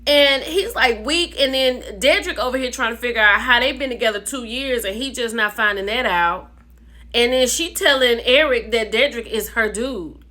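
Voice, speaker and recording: A woman vlogger recapping a reality show in a casual gossip style, animated, calling viewers "baby" and "child". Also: on the high side, normal speed. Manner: animated storyteller, calls viewers "baby" and "child", laughs often.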